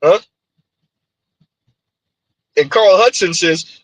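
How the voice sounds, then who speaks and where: A man hosting a livestream who reads viewer comments aloud in an animated, teasing way. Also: on the high side, takes it slowly, pauses often, breathy edge, no room sound, poor audio. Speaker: livestream host. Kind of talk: reading live chat comments.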